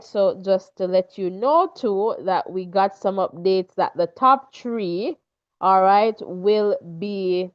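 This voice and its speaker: Woman host, slow and unhurried, smooth voice, dull lo-fi sound; reads name lists casually. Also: fairly low pitch. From Jamaica. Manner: reads lists of names, with fillers. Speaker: show host. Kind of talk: casual talk show commentary. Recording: dull lo-fi recording.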